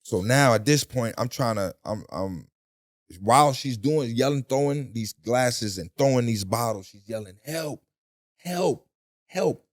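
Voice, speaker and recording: This middle-aged interview guest has a medium-pitched voice and talks at an ordinary speed. His casual storytelling is vivid and vulgar street talk, complete with acted-out voices.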